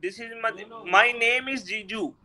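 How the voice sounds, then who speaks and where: A man's voice: very high voice, moderate pace, bright, forceful tone, low-quality recording. A man from Punjab with an Indian English accent, teasing a stranger on a video call in broken English mixed with Hindi. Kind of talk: casual video chat.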